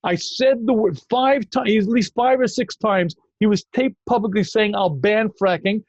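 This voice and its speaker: A man hosting a call-in Q&A as a rabbi, emphatic and quick to cut in with repeated phrases. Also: sits high, a little mellow, dry recording, lo-fi sound. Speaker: rabbi answering callers. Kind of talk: call-in Q&A talk.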